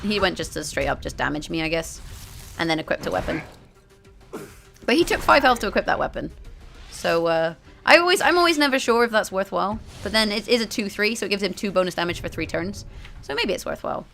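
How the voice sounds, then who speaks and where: Woman, card game commentary, gravelly fry in her voice, chatty, faint music underneath. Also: medium pitch, lively intonation, fast talker, fairly bright tone. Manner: chatty, explains strategy to viewers as she plays; often corrects herself mid-sentence. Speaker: gaming video host.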